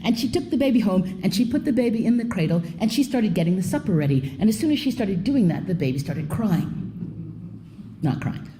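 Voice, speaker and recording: Expressive woman storyteller, low mellow tone. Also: fast, hardly any pauses. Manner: expressive, swoops in pitch, drops to a hush. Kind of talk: live storytelling performance. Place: theater stage before an audience.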